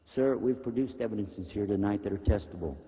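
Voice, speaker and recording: A man's voice: lowish voice, fairly quick. A male Islamic preacher giving a sermon to an audience, emphatic and asking his listeners rhetorical questions. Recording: dull lo-fi recording with long reverb in a hall.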